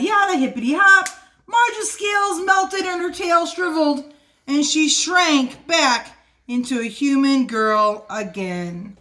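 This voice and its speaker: This is a woman with a high-pitched voice doing a playful, expressive read-aloud of a children's picture book. It's for a library storytime, recorded at home.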